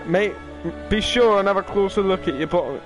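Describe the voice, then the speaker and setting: A man's voice: high voice, a little fast, over music, pitched above the performer's own voice, close to an everyday voice. A man reading as a cheeky little fairy. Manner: rough attempt at a regional accent, casual reading. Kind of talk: reading game dialogue aloud.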